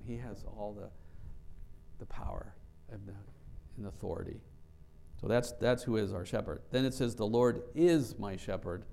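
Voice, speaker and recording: Male preacher, low gravelly voice with a dark, mellow tone, earnest and a little halting. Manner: earnest, repeats words, slow deliberate scripture reading. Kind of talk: Bible study sermon.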